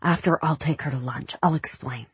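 A woman reading as a soft-spoken placating husband. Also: low voice, moderate pace, breathy edge, dry recording. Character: calm, placating husband and father.

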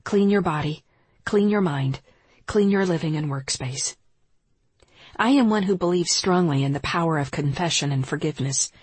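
In a calm, measured, reflective manner, a yoga teacher reads her spiritual nonfiction aloud. Her voice is low for a woman, very breathy and husky, and the recording is close and dry with no room echo.

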